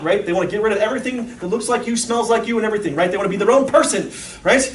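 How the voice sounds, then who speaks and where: A man with a high voice gives an animated talk to an audience of parents and acts out the people in his stories. He is picked up from a distance in a large, echoey room, with faint room noise behind him. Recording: echoey room, mic far off.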